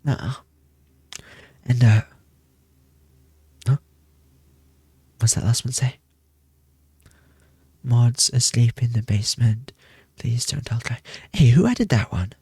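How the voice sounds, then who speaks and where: Husky playful young male streamer. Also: mid-range voice, slow, pauses often, darkish tone, no echo. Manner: rambling, playful, self-deprecating, repeats phrases. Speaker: VTuber streamer. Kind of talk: casual debut stream chat.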